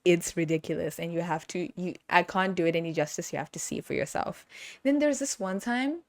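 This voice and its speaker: Brief: woman host, giggly and animated, lowish voice, dry close sound. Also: brisk, no room sound. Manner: giggly, animated, laughs often. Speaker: podcast host. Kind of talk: casual movie review chat.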